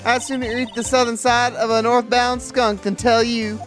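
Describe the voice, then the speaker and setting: A woman's voice: a little high, little pitch movement, normal speed, faint music behind, pitched above the performer's own voice, natural voice. A woman voicing a stubborn woman witness who talks in a folksy drawl full of country sayings.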